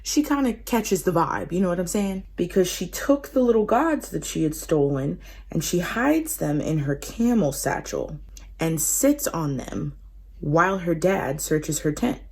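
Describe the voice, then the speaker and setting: A woman's voice: fairly low pitch, vocal fry, darkish tone, slightly rough. A woman casually retelling a Bible story in a slangy, conversational way. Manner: slangy, conversational, laughing asides. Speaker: host retelling Bible stories.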